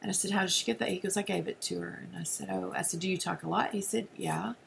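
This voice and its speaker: Middle-aged woman with a fairly low voice, sharing an earnest testimony, sometimes sinking to a near-whisper. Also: fast talker, gravelly, a little hiss or hum. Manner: earnest, with frequent restarts and soft dips to near-whisper. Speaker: speaker sharing a personal testimony. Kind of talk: personal testimony storytelling.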